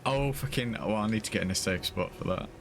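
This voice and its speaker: A man's voice: lowish voice, fast talker, gravelly, crowd noise. A man streaming a game, talking in a dry, teasing, sweary way. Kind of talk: casual gaming stream chat.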